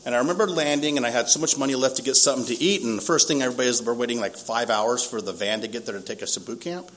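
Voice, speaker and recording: His mid-range, slightly bright voice races along as he casually tells his own story. He's in his fifties, from East County in San Diego, self-mocking and quick to laugh.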